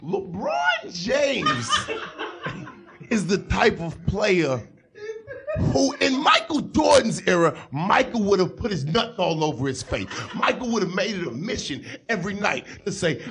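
A comedian doing an impression of a loud, opinionated male sports pundit, shouting emphatic, overblown pronouncements. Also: sits high, huge pitch swings, unhurried, vocal fry, exaggerated voice. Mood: pompous. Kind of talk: impression in a mock debate show.

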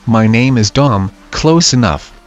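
Brief: male narrator for creepy internet stories, mid-pitched, steady delivery, dull lo-fi mix with faint music under it. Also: a little slow. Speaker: story narrator. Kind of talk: scripted narration of scary stories.

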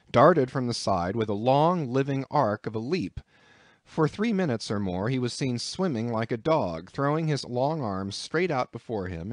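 Man, audiobook narrator, expressive, measured, mid pitch, dry close sound. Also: dry recording.

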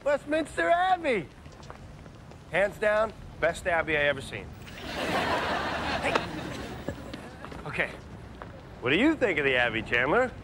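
An excitable, fussy young groom. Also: male voice, high voice, measured pace, long pauses, heavy background noise. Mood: goofy. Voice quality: eager, insistent. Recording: sitcom clip with audience laughter.

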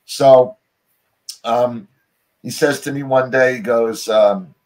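Slow and a little mellow, with medium pitch and fairly even intonation, a middle-aged man from the US is interviewed over a remote connection. His story comes out in a loose ramble, filled with "you know" and restarted sentences.

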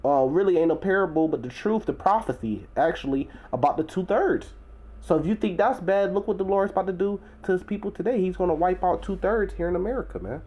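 A man's voice: sits high, fairly quick, a little mellow. Man giving an emphatic, chatty bible teaching. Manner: conversational, leans on "you know" and "right?"; swells to emphatic, preacherly stresses.

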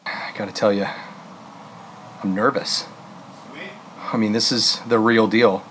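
A man's voice: on the low side, little pitch movement, a little slow, fairly bright tone, slight background noise, rough recording. Hammy joking man playing reporter. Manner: hammy, joking announcer delivery. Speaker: mock reporter host. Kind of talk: playful mock news reporting. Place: outdoor church event.

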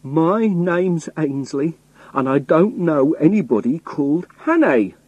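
A man takes on a cornered young man posing as a sailor, pleading and protesting. His voice climbs well above the narration, husky and full of urgency. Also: mid-range voice, sing-song, normal speed, darkish tone, no room sound, dull audio, pitched above the performer's own voice. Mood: pleading, angry. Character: hunted young man faking a rough sailor.

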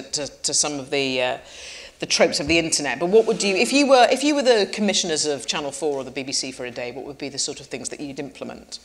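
A woman interviewer on a festival stage with a lowish voice that rises and falls a lot. She teases her guests with quick wit. Her questions sound playful. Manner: playful, teasing, quick-witted. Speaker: host interviewer. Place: festival stage before an audience.

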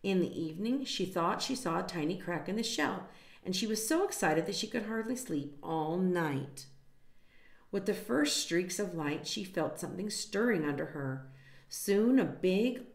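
A woman reading a picture book aloud to children, gently stopping to explain words and point at the pictures. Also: lowish voice, creaky. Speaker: storytime reader. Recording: echoey room.

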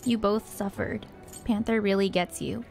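Woman streamer, excitable, shrieky, gasping chatter over loud game music. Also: medium pitch, moderate pace, gravelly. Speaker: gamer streamer. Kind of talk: live gameplay commentary. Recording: game music playing loudly behind.

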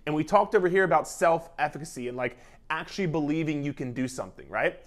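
A man's voice: fairly high pitch, expressive, fast. A man coaching viewers on weight loss in an emphatic, repetitive pep-talk style, casual and sometimes swearing. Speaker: fitness coach. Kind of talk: motivational talk to camera.

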